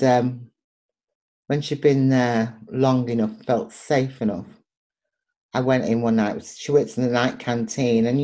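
An older woman from Manchester with a Manchester accent, telling personal stories in an interview and acting out the voices in them. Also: rumbling low. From Manchester, England. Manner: lively, acts out voices in her anecdotes. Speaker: poet and performer, interviewee.

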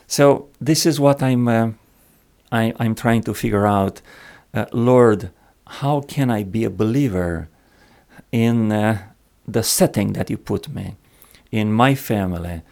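A man talking slowly and reflectively about a Bible passage, pausing often with fillers. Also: fairly low pitch, vocal fry, darkish tone. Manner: slow and reflective, many pauses and fillers. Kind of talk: Bible study discussion.

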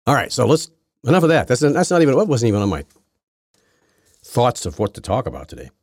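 A man's voice: medium pitch, big pitch swings, fast, a little mellow, slightly rough, no echo, studio quality. A man hosting a political podcast, talking in a rambling, sarcastic way with many restarts. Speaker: podcast host. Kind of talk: casual political commentary.

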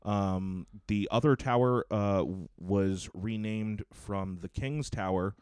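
Brief: low smooth-voiced man, hesitant explainer, dry close sound. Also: a little mellow, no echo. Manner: halting explainer, many ums and uhs. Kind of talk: casual chat.

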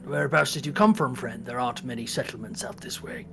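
Man playing a stern knight, gravelly voice, commanding, formal, music behind. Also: medium pitch, quick pace, pushed and bright. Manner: formal, suspicious questioning. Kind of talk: tabletop role-play.

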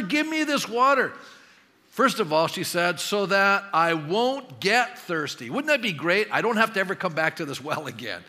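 A man preaching a sermon as pastor, animated and reading scripture dialogue with emphasis. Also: on the high side. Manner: animated, acts out the dialogue he reads with rising emphasis. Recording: long hall reverb.

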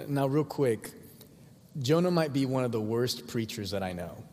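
A man preaches in a loose, chatty way, as if talking with friends, and now and then slips into the voices of the crowd. His voice sits at an ordinary middle pitch. A long reverb trails after each phrase, as in a large church. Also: expressive, moderate pace, a little mellow, slight background noise. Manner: casual and conversational, acts out voices of the crowd. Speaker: pastor. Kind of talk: sermon. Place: church sanctuary.

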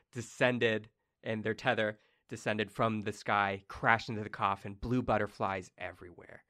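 A man's voice: on the low side, fairly bright tone. A young man narrating a tabletop role-playing game as game master, casual and rambling with many fillers.

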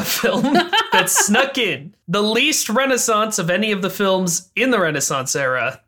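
A young man co-hosting a podcast with his mother, chatting casually with jokey asides. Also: high voice. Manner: jokey, animated, quick asides. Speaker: podcast co-host.

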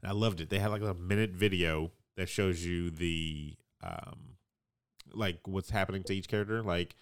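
A man's voice: low-pitched, fairly even intonation, moderate pace, clear, resonant tone. A man chatting casually about video games with friends, rambling and trailing off with fillers. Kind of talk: casual gaming chat.

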